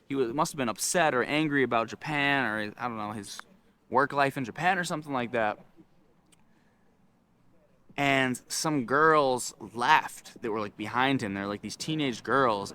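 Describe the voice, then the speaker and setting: A young man casually telling a story to his viewers, acting out loud yells along the way. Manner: animated, acts out screaming with loud high yells. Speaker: vlogger.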